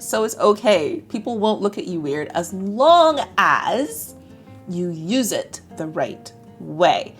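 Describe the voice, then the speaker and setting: A woman with an American accent teaching English to camera in a chatty, upbeat way. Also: fairly low pitch. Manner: chatty, upbeat, acts out example phrases. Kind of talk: explaining lesson to camera.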